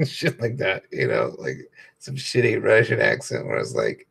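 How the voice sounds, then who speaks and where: A comedian talking loosely and profanely while coloring on a stream, with lots of fillers. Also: male voice, a bass voice, wildly swooping pitch, normal speed, vocal fry, a bit bright, husky. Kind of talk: casual rambling chat.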